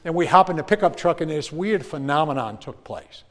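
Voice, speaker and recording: A man telling a personal story to an audience in a lively way, acting out the other people's voices. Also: a little high, a little fast. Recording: long hall reverb.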